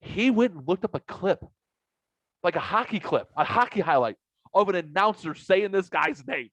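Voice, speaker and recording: A man co-hosting a casual podcast, telling animated stories, acting out other people's voices and swearing freely. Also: sits high, normal speed, dry recording. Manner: animated storyteller, acts out quoted voices, swears. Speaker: podcast co-host. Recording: dull, dry lo-fi recording.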